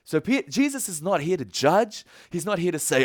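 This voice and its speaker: A man's voice: mid-range voice, animated, normal speed, no echo, studio quality. A man preaching a casual sermon, retelling a story and acting out the characters' lines in a conversational way. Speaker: pastor.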